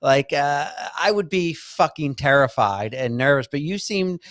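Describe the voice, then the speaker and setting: A man's voice: fairly high pitch, animated, unhurried, a bit bright, no room sound, clean studio sound. A man hosting a podcast, asking a guest a question in a loose, casually profane way. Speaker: podcast host.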